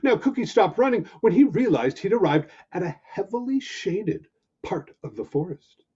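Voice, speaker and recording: A man reading a children's story aloud with animated, expressive narration. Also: sits high, moderate pace, breathy edge. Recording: dull lo-fi recording.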